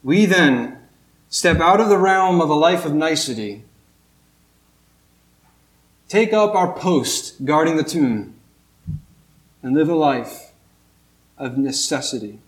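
A man preaching a sermon, telling a story earnestly with slow, emphatic pauses. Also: on the high side, lively intonation. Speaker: pastor. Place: church sanctuary. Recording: echoey church room.

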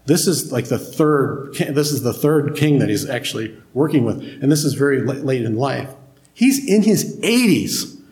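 A pastor preaching a conversational sermon to a congregation and asking them questions. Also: male voice, mid-range voice, creaky, a little mellow, reverberant.

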